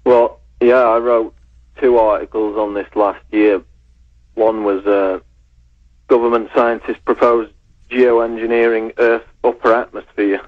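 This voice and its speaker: Low, flat-voiced man on a phone line. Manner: level, measured, reading out details. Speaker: researcher and writer on air. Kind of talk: phone-in report on radio.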